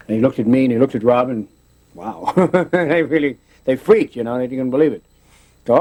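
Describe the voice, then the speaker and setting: A man's voice: mid-range voice, a little fast, creaky, a little mellow. A man in a casual interview, telling stories in a rambling way with many restarts, often slipping into voices.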